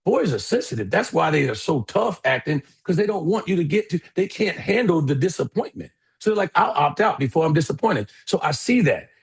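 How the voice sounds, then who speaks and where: Brief: middle-aged man, keynote storyteller, husky gravelly voice, a bit high. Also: fairly quick, hardly any pauses. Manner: animated storyteller, acts out voices, addresses audience as y'all. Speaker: keynote speaker.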